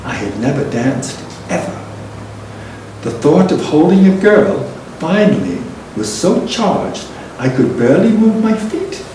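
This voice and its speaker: Older male storyteller, Liverpool accent, slightly high voice, unhurried and chuckling, distant roomy recording. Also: sing-song, dark tone. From England. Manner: slow, reflective, laughs between lines. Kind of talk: storytelling reminiscence. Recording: roomy and distant with faint noise.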